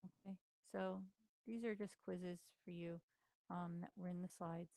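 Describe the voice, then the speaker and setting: Tired woman teacher with a gravelly voice. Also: fairly low pitch, fairly even intonation, unhurried, warm tone, no room sound. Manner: chatty, informal, many fillers. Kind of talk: recorded classroom lesson.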